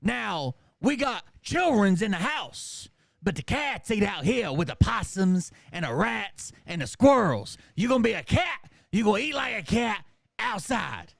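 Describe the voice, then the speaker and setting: A man's voice: sits high, very animated, a little slow, vocal fry, fairly bright tone, no room sound, studio quality, heavily acted. A man doing a stern folksy country preacher.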